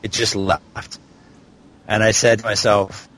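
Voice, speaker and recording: A man's voice: lowish voice, little pitch movement, takes it slowly, fairly bright tone. A man in his thirties, a podcast guest, candidly telling a personal story in a reflective way. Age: 30s. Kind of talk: storytelling interview.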